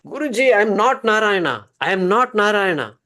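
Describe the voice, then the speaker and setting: A man's voice: mid-range voice, unhurried, vocal fry. A man voicing a humble barber who protests in a flustered, deferential way. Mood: protesting.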